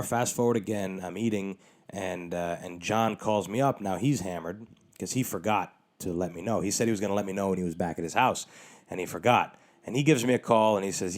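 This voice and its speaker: A man hosting his own podcast, telling a long story in a casual, animated way with lots of swearing and exasperation. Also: sits low. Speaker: podcast host.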